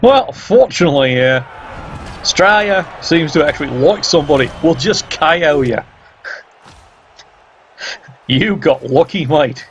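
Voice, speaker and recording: A man's voice: fairly high pitch, lively intonation, a little slow, long pauses, muffled recording, slight background noise. A man giving casual play-by-play game commentary, sardonic and teasing, swearing freely.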